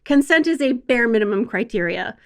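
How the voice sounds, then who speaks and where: A woman's voice: fairly high pitch, animated, fairly quick, creaky, clean tone. A woman sex educator talking frankly and wryly as a podcast guest, emphatic and conversational.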